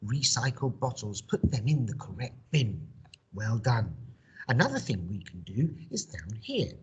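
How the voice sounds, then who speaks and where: A primary school teacher, speaking in a very low register. Her voice rises and falls a lot as she encourages children and drills words call-and-response. Her tone is husky and breathy. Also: sing-song, a little slow, darkish tone, highs cut off. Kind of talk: recorded home-learning language lesson.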